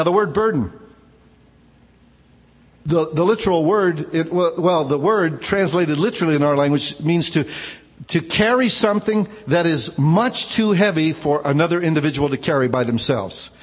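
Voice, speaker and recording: A man's voice: a little high, lively intonation, moderate pace. Guy pastor preaching loose and personal, keeps saying man, echoey church hall. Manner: informal, personal storytelling, frequent "man" asides. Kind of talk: conversational sermon.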